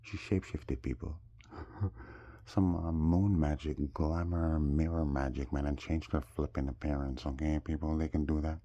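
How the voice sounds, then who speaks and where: Jamaican man, rambling vlog story, very low voice, husky, gravelly. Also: fairly even intonation, moderate pace, warm tone, dull audio. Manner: rambling, addresses viewers as people. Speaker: vlogger. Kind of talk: casual storytelling monologue.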